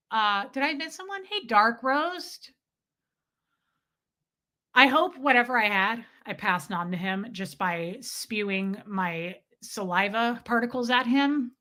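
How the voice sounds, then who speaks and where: A woman hosting a livestream, telling a profane story in a casual, animated way and mimicking the people in it. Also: fairly high pitch. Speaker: livestream host.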